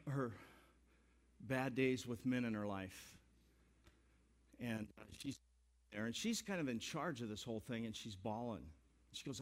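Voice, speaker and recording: A middle-aged male pastor giving a sermon, telling folksy stories with jokes and building to emphatic exhortation. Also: medium pitch.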